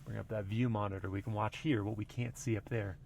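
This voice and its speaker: A man with a lowish voice reviews a pickup truck while easing it slowly down an off-road trail, describing his actions in relaxed, explanatory driving commentary as he thinks aloud. The vehicle's engine and the trail are clearly audible behind him.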